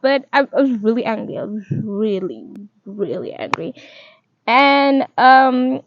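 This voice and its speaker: A young woman of about twenty with a slightly high voice, talking openly and rambling in a confessional diary vlog. She leans on "like" as she works through her thoughts. The recording is dry and a little dull. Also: big pitch swings, normal speed, vocal fry, no echo. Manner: candid and rambling, heavy use of "like". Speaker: vlogger.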